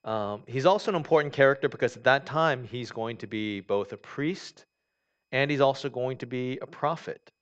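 A male pastor delivers a sermon in a relaxed, conversational way, reading scripture aloud. He often restarts his sentences and uses fillers. His voice sits at an average pitch, and the recording sounds dull and lo-fi. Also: moderate pace.

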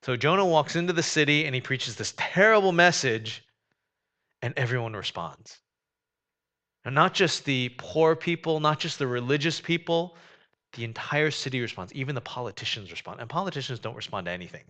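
A man preaching a sermon, conversational and animated, with joking asides. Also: medium pitch, fairly quick. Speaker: pastor.

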